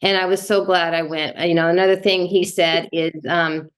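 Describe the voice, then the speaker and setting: A woman's voice: on the low side, flat delivery, normal speed. A woman sharing thoughts in a team meeting, chatty and rambling, with many fillers. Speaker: meeting participant. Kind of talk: casual chat.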